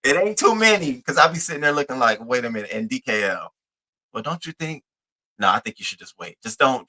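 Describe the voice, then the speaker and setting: A man with a bright, forward voice hosts a live stream show in a casual, profane way. He greets viewers one by one with playful, singsong shout-outs. His pitch sits in the ordinary middle range for a man.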